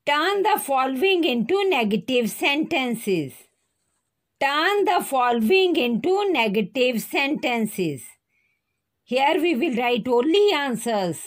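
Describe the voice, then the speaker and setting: A woman teacher giving a primary school lesson, spelling words out letter by letter. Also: a little high.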